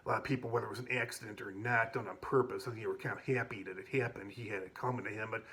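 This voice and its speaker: A man's voice: fairly low pitch, fairly even intonation, very fast, fairly bright tone. A man casually telling stories from his school days, rambling with many restarts and plenty of casual swearing. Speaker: vlogger. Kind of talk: casual storytelling.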